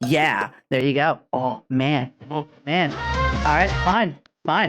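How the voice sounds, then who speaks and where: A young woman streaming live, chatting casually with her viewers in an excitable, giggly way, jumping between high squeals and low mutters. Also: slow, faint music behind.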